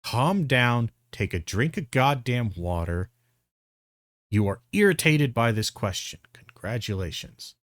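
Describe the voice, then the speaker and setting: A man's voice: medium pitch, big pitch swings, measured pace, fairly bright tone, no room sound, studio quality. A man giving blunt, profane reaction commentary, exasperated and full of restarts. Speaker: commentary streamer.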